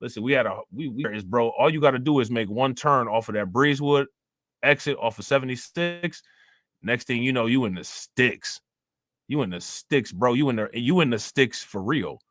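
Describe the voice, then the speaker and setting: Livestream host, man with a Northeast Ohio accent, mid-pitched, loose and profane, close and dry. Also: a little fast, fairly bright tone, no room sound. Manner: loose, rambling, slangy and profane. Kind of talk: casual livestream chat answering viewers.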